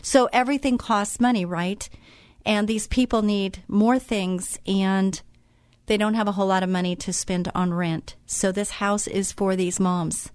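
A woman's voice: mid-range voice, steady tone, unhurried, a little mellow, no room sound. A middle-aged woman who hosts a faith-based radio show, telling a story in a chatty, enthusiastic way with frequent restarts.

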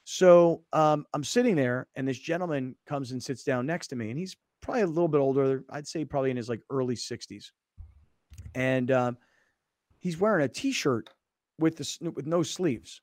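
A man's voice: medium pitch, moderate pace, a little mellow, no room sound, clean studio sound. A man hosting a talk show, telling a rambling story and acting out the people in it. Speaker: radio show host.

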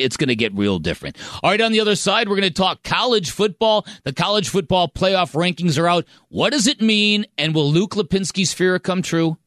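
Wry sports radio host, dry studio. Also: male voice, on the high side, a bit bright, no echo. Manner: wry, reads aloud with mock drama.

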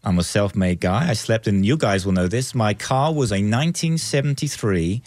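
A man's voice: fairly low pitch, normal speed, a little mellow, no room sound. A man from just outside London with an English accent worn by years in America, a guest on a radio talk show, rambling, joking and defending himself with many restarts. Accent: English, from near London, mixed with American. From England. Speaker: studio guest. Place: radio studio.

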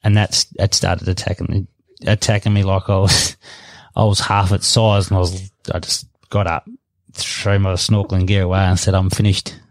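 Deep-voiced Australian man telling a yarn. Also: level tone, normal speed, creaky, no room sound. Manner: rambling, self-mocking, laughing at himself. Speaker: interview guest. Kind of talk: casual storytelling.

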